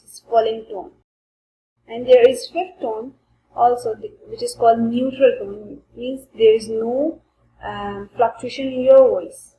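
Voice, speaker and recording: A woman teaching a language lesson, slowly modelling sounds for learners to repeat. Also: on the high side, lo-fi sound. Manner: slow and deliberate, modelling sounds for repetition. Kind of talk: slow spoken language lesson. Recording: echoey room with faint background noise.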